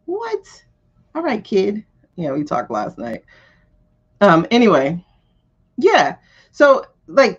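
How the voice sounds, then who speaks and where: A woman's voice: mid-range voice, breathy edge, muffled recording. A woman hosting a live tarot stream, chatting casually and bluntly with her viewers. She swears freely and laughs often.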